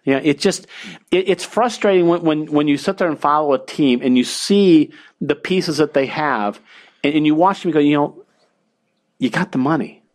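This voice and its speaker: A man co-hosting a casual sports talk show, talking in animated bursts and stumbling over repeated words as he rants. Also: on the high side, normal speed. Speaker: sports radio co-host.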